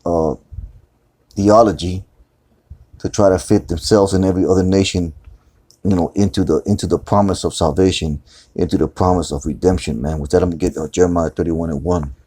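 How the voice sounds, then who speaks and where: A man's voice: deep voice, fairly even intonation, brisk, warm tone. A man teaching scripture in a loose, conversational way, repeating words and often saying "man". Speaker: preacher. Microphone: phone screen recording.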